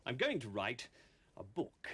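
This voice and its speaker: A pompous patron in a language-course sketch, lively lilting delivery. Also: male voice, medium pitch, measured pace, slightly rough, heavily acted. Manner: self-important, stiff. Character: pompous male library visitor proud of ancestry. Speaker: actor in a teaching sketch.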